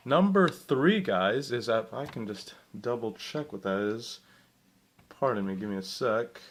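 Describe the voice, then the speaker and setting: A man's voice: medium pitch, lively intonation, unhurried, a little hiss or hum. A young man hosting a casual video game news vlog, chatty and rambling, often correcting himself and asking viewers questions. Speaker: gaming vlogger.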